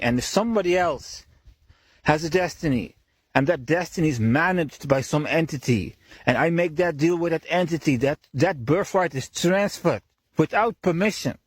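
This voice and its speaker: Animated man ranting, dry close mic. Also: slightly rough, no echo. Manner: animated, swings pitch often, swears, laughs mid-sentence. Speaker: podcast host. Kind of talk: casual monologue.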